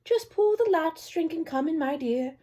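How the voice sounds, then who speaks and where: A woman voicing a kindly old grandmother in a storybook read-aloud, high, slow and gentle. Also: lively intonation.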